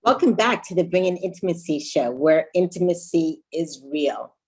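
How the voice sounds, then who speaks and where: A woman with a very low voice co-hosts a relaxed podcast conversation. She thinks aloud, pauses, and reworks her sentences as she goes. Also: slightly rough, soft background music, poor audio. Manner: thoughtful, halting, restarts mid-thought. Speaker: podcast co-host.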